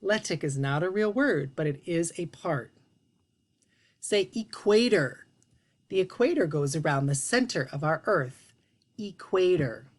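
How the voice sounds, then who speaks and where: A woman leads a phonics lesson for young children in a slightly low voice. She talks very slowly and patiently, encouraging the children to repeat each sound after her. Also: animated. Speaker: teacher.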